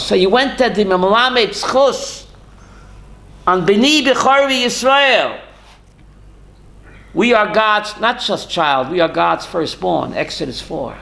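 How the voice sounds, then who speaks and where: A man's voice: sits high, animated, slow, vocal fry, a bit bright. A rabbi teaching a class, asking questions to his students and answering them himself, with Hebrew and Yiddish terms worked into his talk. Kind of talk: Torah class.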